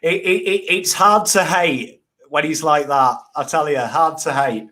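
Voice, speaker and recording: A dry, teasing Englishman with a high voice banters about footy as co-host. He leans on "I mean" and little asides as he needles his mate. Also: a little slow, pushed and bright. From England.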